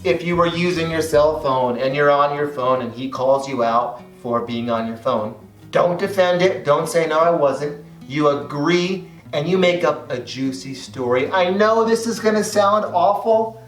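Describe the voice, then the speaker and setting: A man's voice: on the high side, unhurried, reverberant, far from the mic, soft background music. A man teaching listeners how to talk to police officers, speaking in an emphatic coaching way and acting out lines he quotes. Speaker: hypnotist teaching verbal techniques. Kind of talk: direct-to-camera instruction.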